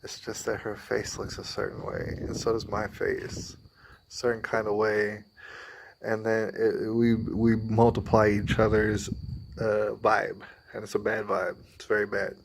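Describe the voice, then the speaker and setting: Man, low gravelly voice, rambling personal vlog, confiding tone. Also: flat delivery, unhurried, slight background noise. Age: adult, has a daughter. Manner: rambling, confiding, quotes others in put-on voices. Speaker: vlogger. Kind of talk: personal talk to camera.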